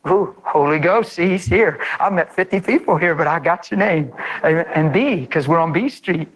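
A man preaching a sermon, fervent and animated, speaking straight to his listeners and acting out prayers. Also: normal speed, rough recording. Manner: fervent, animated, voice leaps high when excited; addresses listeners directly and acts out prayers.

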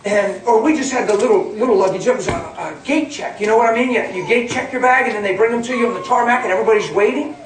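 A preacher telling a testimony in a sermon, animated and laughing, dropping to a hush and then rising to a shout. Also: mid-range voice, fast talker, few pauses. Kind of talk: sermon storytelling. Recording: echoey hall, mic at a distance. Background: audience and room noise.

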